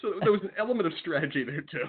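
A man's voice: on the high side, expressive, very fast, husky. A man in casual podcast chat, telling an anecdote with dry, wry humor. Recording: tinny phone-like line.

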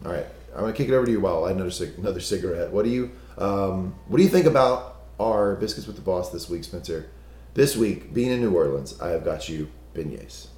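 A man with a hoarse, gravelly voice, co-hosting a casual podcast chat. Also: sits low, lively intonation, fast, a little mellow, echoey room. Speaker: podcast co-host.

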